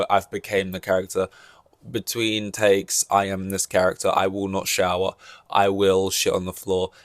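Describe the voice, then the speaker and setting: A man's voice: on the low side, fairly bright tone, no echo, clean studio sound. A man hosting a solo podcast, rambling and joking through casual chat with many fillers and restarts. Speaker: podcast host.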